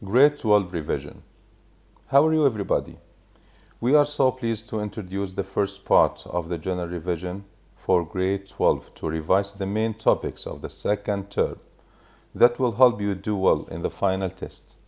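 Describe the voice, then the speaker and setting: A man teaching a recorded revision lesson, explaining each point in a measured way and reading examples aloud. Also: low voice, a little mellow.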